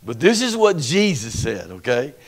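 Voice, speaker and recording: A man's voice: mid-range voice, wildly swooping pitch, normal speed, creaky. A man preaching a Pentecostal sermon in a folksy, dramatic way, acting out the people in the story and calling on the congregation to respond. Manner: folksy, dramatic, acts out voices, call-and-response. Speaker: pastor.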